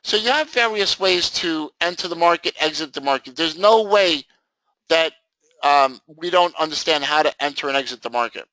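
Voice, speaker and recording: Male trading instructor, high bright voice, joking and animated, close dry mic. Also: moderate pace, no room sound, low-quality recording. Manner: animated, jokey, acts out students' reactions. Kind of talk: live screen-share training session.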